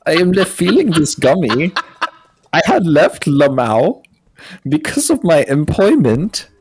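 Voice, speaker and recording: Brief: a man doing a hammy German-accented guy reading chat, slow and swooping. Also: fairly high pitch, sing-song, a little mellow, breathy edge, no echo, voice pushed up, heavily acted. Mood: mocking. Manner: over-the-top mock accent.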